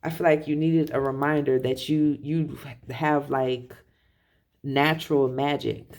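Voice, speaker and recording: A tarot reader shares a reading in a casual, rambling way, often correcting themself and laughing softly. The voice is mid-range with fairly even intonation and an unhurried pace.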